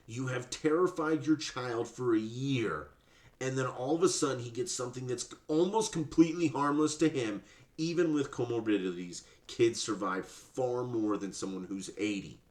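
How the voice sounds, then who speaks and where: A man's voice: mid-range voice, normal speed, darkish tone, roomy sound. A man hosting a podcast, ranting sarcastically and profanely in mocking commentary. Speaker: podcast host.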